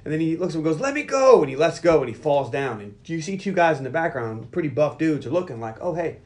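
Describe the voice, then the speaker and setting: A man chats casually on a podcast, walking through a movie scene by scene. His voice sits a little higher than most men's. He keeps jumping into quick put-on voices for the characters and laughs often. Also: darkish tone. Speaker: podcast host recapping a film. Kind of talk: casual chat, scene-by-scene recap.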